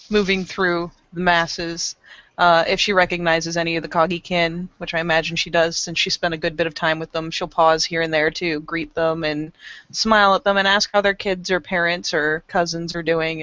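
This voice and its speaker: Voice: medium pitch, level tone, normal speed, bright, forceful tone, no room sound, muffled recording. A game master narrating a tabletop role-play scene in a laid-back way, with fillers.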